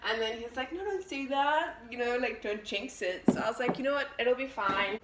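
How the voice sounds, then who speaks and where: A woman's voice: a little high, a little fast. A young woman in her twenties chatting casually while she bakes, telling a story and swearing freely as she jumps between the recipe and the tale. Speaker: vlogger baking and telling a story. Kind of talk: casual story-time chat.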